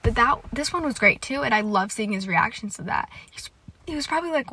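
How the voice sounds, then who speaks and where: A young woman hosting a casual solo podcast, gushing excitedly with lots of "like" and swearing. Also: high-pitched, fairly quick. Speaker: podcast host. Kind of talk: casual solo podcast chat about a TV show.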